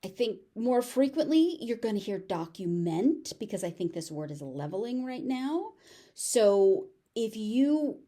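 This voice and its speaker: A woman with a General American accent teaching pronunciation, repeating each word slowly and deliberately. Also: medium pitch, dark tone. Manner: slow, deliberate word drilling with repeated examples. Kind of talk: pronunciation lesson.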